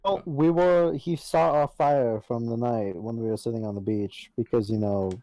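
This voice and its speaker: Sarcastic mellow-voiced male player. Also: mid-range voice, moderate pace, no room sound, rough recording. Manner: sarcastic, joking, mumbling asides. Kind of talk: casual tabletop game banter.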